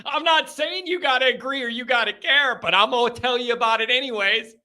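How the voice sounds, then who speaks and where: A man's voice: extremely high pitch, brisk, sharp tone. A man hosting a live call-in sports talk show, talking bluntly and ranting heatedly. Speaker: show host.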